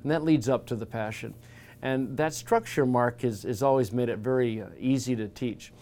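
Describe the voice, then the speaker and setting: A man giving an informal Bible teaching talk, conversational, getting animated when he acts out the disciples. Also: medium pitch, normal speed, a little hiss or hum.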